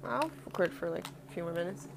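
A young woman playing a video game and commenting as she goes, cursing and reacting loudly to scares, then muttering to herself. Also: on the low side, expressive, brisk, vocal fry, noisy background. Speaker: gameplay streamer. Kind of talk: casual let's-play commentary.

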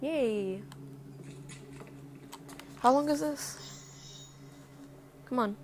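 A young woman talks her way through a video game, swearing freely and yelping at sudden attacks before dropping back to low mutters. Her speech is slow and unhurried, her voice on the higher side. A faint hiss of noise sits under the recording. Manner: swears often, reacts loudly to scares, mutters to herself. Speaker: gameplay streamer. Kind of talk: casual let's-play commentary.

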